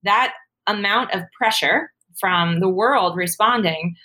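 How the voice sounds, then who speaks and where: A woman guest in a casual interview, telling her story in a lively, animated way with many fillers and laughs. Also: mid-range voice, slow pace. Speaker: guest, former pro cyclist and author.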